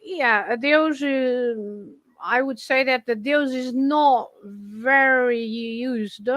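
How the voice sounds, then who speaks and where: A Portuguese woman with a high voice talks through language rules patiently and at an easy pace. She laughs often between points. The sound is close and dry. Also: extremely slow, a bit bright, no echo. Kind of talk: casual explaining on a live show.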